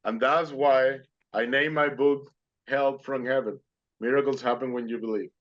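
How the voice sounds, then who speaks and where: A man in an online interview, recounting a dramatic personal story with earnest animation and non-native English phrasing. His voice sits at an ordinary middle pitch. The sound is slightly muffled and lo-fi, as a video call tends to be. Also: steady tone, moderate pace. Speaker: guest speaker.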